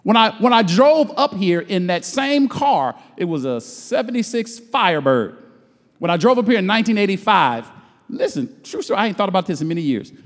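A high-voiced middle-aged man preaches with folksy, emphatic drive, drawing words out slowly to hammer his points. His voice rings with the long reverb of a large hall. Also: very animated. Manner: emphatic call-and-response preaching, slows and stretches words for emphasis; folksy, colloquial speech. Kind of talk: sermon.

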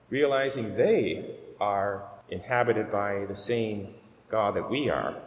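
A man preaching a homily at Mass as a priest, speaking in an earnest, gently exhorting way. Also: fairly low pitch. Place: church. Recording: echoey church with long reverb.

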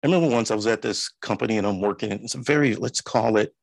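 A man's voice: on the low side, fast talker, gravelly, no room sound. A man hosting an interview, telling a workplace story in a loose, anecdotal way and acting out the people he quotes. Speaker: interview host.

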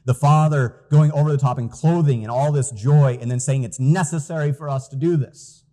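A man's voice: medium pitch, normal speed, warm tone. A man preaching a sermon as pastor, earnest and emphatic, reading out scripture quotes.

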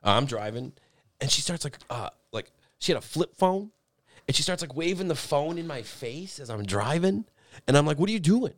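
A man's voice: on the high side, animated, moderate pace. A man telling a long, rambling, profane story in a casual chat with friends.

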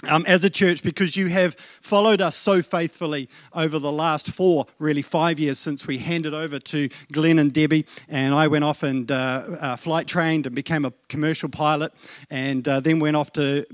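Middle-aged New Zealand-accented man preaching a story-led sermon; lively, self-deprecating, higher-pitched, dry close mic. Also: normal speed, no room sound. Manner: animated, self-deprecating storytelling with asides to the congregation. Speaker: pastor. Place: church.

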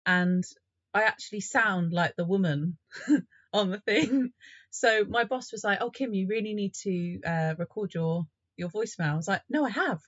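A woman's voice: medium pitch, normal speed, no room sound, highs cut off. A young woman, a podcast guest, chatting in a down-to-earth way with lots of laughter. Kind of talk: casual chat.

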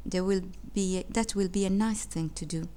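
A woman reading aloud, voicing a gentle great-aunt who soothes a child quietly. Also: medium pitch, moderate pace, lightly acted. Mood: soothing. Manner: soft, soothing.

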